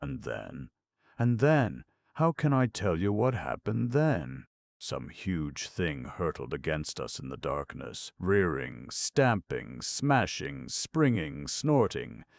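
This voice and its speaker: A man narrating a ghost story in a measured, dramatic reading. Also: extremely low pitch, creaky, dry recording, studio quality. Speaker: audiobook narrator.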